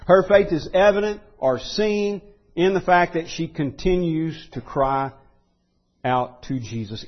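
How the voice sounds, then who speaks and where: Earnest husky male preacher. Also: medium pitch, highs cut off. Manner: earnest preaching, rising to loud pleading quotes. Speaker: pastor. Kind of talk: sermon.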